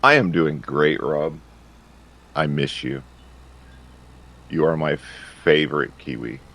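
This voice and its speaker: Brief: husband off-mic, extremely low gravelly voice, dry asides. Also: male voice, fairly even intonation, takes it slowly, a bit bright. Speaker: streamer's husband. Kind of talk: casual chat.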